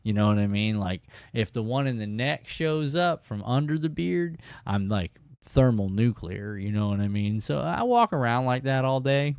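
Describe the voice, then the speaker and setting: A man hosting a live fishing stream, telling stories in a rambling, chatty way and often jumping into excited high bursts. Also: moderate pace, few pauses, smooth, no room sound, studio quality. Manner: rambling, chatty, lots of "you know what I mean". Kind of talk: casual live-stream storytelling.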